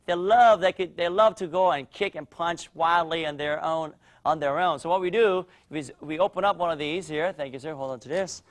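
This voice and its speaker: A man teaching a martial arts class for young children, explaining drills and loudly cheering the kids on. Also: a little high. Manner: energetic, coaching and cheering children on. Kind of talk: instructional demo with kids.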